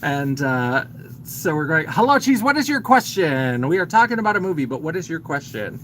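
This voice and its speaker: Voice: medium pitch, big pitch swings, normal speed, fairly bright tone, a little hiss or hum, rough recording. A man hosting a live stream, casually retelling a film's plot in a chatty, filler-heavy way and greeting viewers as he goes. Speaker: host.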